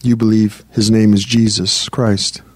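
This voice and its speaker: A man preaching a sermon in a loose, conversational way, often repeating phrases and restarting sentences, and reading scripture slowly. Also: on the low side, little pitch movement, dry recording.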